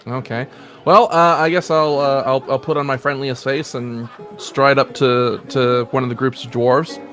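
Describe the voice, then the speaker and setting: A hesitant man playing a tabletop game, with a mid-pitched voice and frequent stammers. Faint music plays behind him. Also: steady tone, moderate pace, a bit bright. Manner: hesitant, many fillers. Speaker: player.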